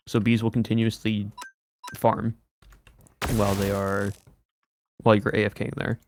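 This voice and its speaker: A man casually commenting on his game over voice chat, calmly explaining things step by step. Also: fairly low pitch, normal speed, a little hiss or hum. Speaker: streamer playing with friends.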